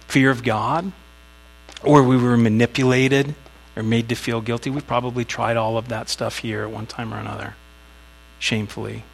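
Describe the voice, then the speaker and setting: A pastor delivers a sermon in a mid-range, slightly bright voice with a gravelly, creaky edge. He speaks conversationally, slipping small acted asides into a story, and the low-quality recording carries a faint electrical hum.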